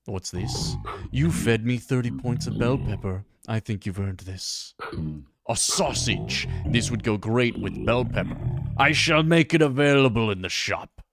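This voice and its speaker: A man's voice: medium pitch, a little slow, gravelly, noisy background. A man voicing a stern chicken school principal in a video game, curt and disdainful.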